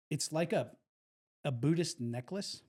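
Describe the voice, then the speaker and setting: A man's voice: fairly high pitch, a little mellow. A man co-hosting a live podcast in casual chat, rambling and repeating himself in an upbeat way. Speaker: podcast co-host.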